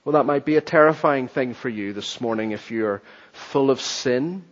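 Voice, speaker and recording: A man's voice: mid-range voice, moderate pace, long reverb tail. A man preaching a sermon in an earnest, emphatic way, on a dull lo-fi recording. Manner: earnest, emphatic, addresses children too. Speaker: pastor.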